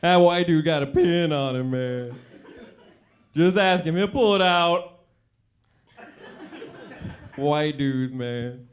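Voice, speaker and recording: A man's voice: takes it slowly, long pauses. A man doing an exaggerated impression of a nervous first-time comic who drawls and keeps tacking on "man". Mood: mock swagger. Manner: repetitive, drawling, ends lines with a low "man". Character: clumsy male comic's overdone impression, first-time open mic. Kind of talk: stand-up bit.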